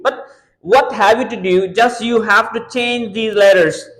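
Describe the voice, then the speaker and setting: A man with a notably high voice runs a spoken English lesson, full of energy and often turning to speak to his viewers. His phrasing stops and starts as he explains. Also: low-quality recording. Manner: energetic, addresses viewers repeatedly, halting phrasing. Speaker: English teacher.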